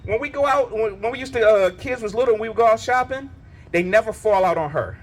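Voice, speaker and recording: A middle-aged man doing stand-up comedy on a club stage, telling animated stories and breaking into laughter and sung bits. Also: high-pitched, fast.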